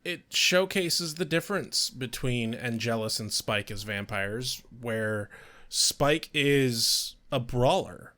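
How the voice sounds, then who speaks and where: A man with an ordinary middle-pitched voice co-hosts a podcast. He picks apart points analytically in casual chat, sometimes restarting mid-thought. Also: lively intonation, takes it slowly, pushed and bright. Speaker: podcast co-host.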